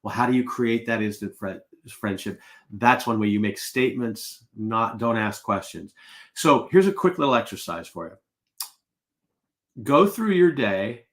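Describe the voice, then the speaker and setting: A man's voice: fairly low pitch, animated, unhurried, fairly bright tone. A middle-aged man coaching salespeople on a live webinar, casual and full of anecdotes, acting out the exchanges he quotes.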